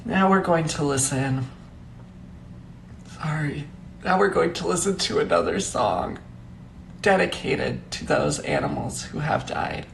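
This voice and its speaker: A man hosting a comedy livestream with a gravelly, creaky edge to his voice. He talks slowly and theatrically in a mock-solemn tone, stretching out his words into mock-grieving wails. A faint hiss of noise sits under the recording. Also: a little high, sing-song, a bit bright.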